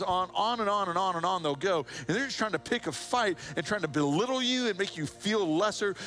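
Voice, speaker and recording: A man preaching a sermon as pastor, telling a Bible story with humorous asides and acted-out voices. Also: a little high. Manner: animated storytelling, acts out voices and a rooster crow.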